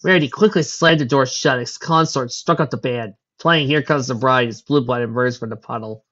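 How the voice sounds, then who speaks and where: A woman reading a fan story aloud, narrating quietly and quickly between the characters' lines. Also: rumbling low. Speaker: fan fiction reader. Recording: dull lo-fi recording.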